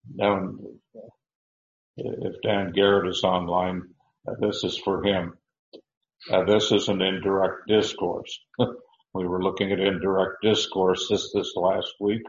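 A man teaching through Bible verses, halting with many restarts and fillers, with an occasional dry chuckle. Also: sits low, little pitch movement, echoey room, dull audio.

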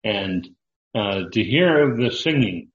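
Older male pastor, low bass voice, slow halting sermon delivery, echoey dull recording. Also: animated. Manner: slow, halting, with many fillers and restarts.

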